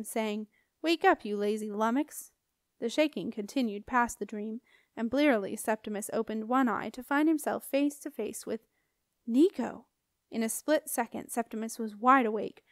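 Lady reading a kids' fantasy book out loud, calm and steady, slightly high voice. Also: no echo, clean studio sound. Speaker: audiobook reader. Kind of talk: scripted audiobook narration.

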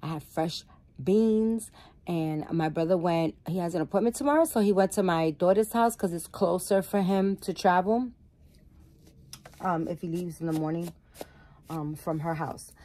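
A middle-aged woman who makes dolls vlogs from home, chatting casually with her viewers in a warm, lowish voice at normal speed. She rambles and corrects herself as she goes.

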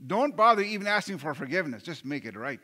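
A man's voice: a little high, sing-song, fast talker, sharp tone, breathy edge. A male pastor preaching a sermon in an earnest way, often repeating words and restarting, and putting rhetorical questions to the congregation.

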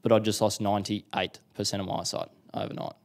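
A young Australian man with a lowish, gravelly voice talks fast. He's a guest in a casual interview, telling a personal story in an animated way and acting out what people said.

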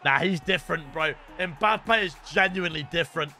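A young man giving casual, chatty commentary over his gameplay, now and then shouting excitedly at the game. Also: fairly high pitch, moderate pace. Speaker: streamer.

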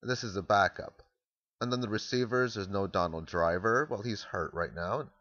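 A man's voice: lowish voice, moderate pace, a bit bright, dry recording, muffled recording. A man casually explaining football strategy, thinking aloud and restarting sentences as he walks through plays. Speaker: amateur football analyst.

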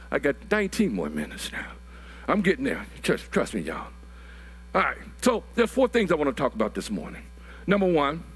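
A man, preaching a sermon that builds to shouted, drawn-out phrases, often repeating words. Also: on the high side, husky. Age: 60s.

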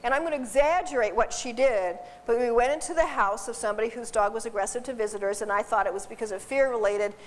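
A woman who works as a dog behavior consultant, giving a seminar in a chatty, animated way, laughing often and repeating her words. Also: fairly high pitch, fast talker, few pauses. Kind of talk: informal seminar talk. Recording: distant voice in a reverberant hall.

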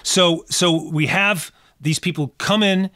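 A man's voice: sits high, slow, pushed and bright, dry recording. A man co-hosting a podcast, talking eagerly about an old horror film and often restarting his sentences. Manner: enthusiastic, repeats words and restarts often. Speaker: podcast co-host. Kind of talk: casual film discussion. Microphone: podcast microphone.

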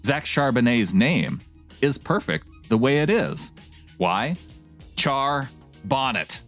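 A man's voice: medium pitch, very animated, slow, soft background music. A man co-hosting a podcast, reading a listener's email with playful, theatrical delivery, then chatting casually. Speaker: podcast co-host.

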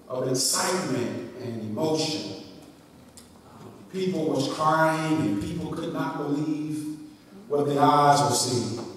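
A man's voice: on the high side, slight background noise. A man preaching a sermon as pastor, calling out to the congregation and repeating words as he builds up. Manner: rousing preacher, calls for response from the congregation. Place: church sanctuary. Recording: echoey church hall from far off.

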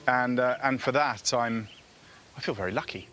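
A man's voice: mid-range voice, moderate pace. A man presenting a travel documentary, narrating and interviewing outdoors in the bush with an encouraging manner. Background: background music.

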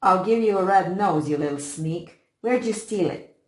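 A woman voicing a brutal teenage boy who bullies, snarling and taunting loudly in a storybook reading with a roomy echo. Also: on the low side, steady tone, moderate pace, close to an everyday voice.

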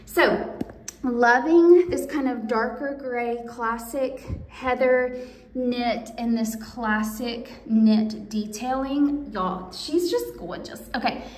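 In a casual product try-on video, a woman chats and gushes to viewers about clothes, speaking slowly at a fairly high pitch. She is off the mic in an echoey indoor room.

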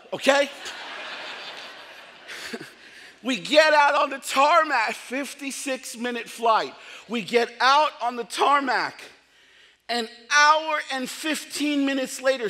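A middle-aged man preaching a sermon as pastor, telling comic stories in an animated way and acting out quotes. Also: very high voice, unhurried, in a large hall. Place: large church hall.

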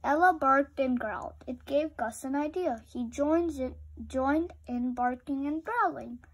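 A woman reading a children's picture book aloud with slow, expressive storytelling. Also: sits high, poor audio.

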